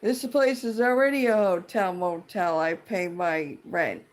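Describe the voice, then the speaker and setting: A woman's voice: lowish voice, fairly even intonation, a little slow. A woman ranting in a casual vlog, profane, rambling and indignant as she vents like a fed-up tenant. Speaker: tenant venting about a dispute.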